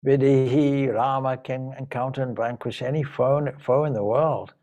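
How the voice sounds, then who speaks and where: A man voicing a loyal young prince from an epic who gently but firmly reassures a frightened woman. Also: medium pitch, expressive, moderate pace, close to an everyday voice. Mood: gentle, firm. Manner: gently reassuring yet firm.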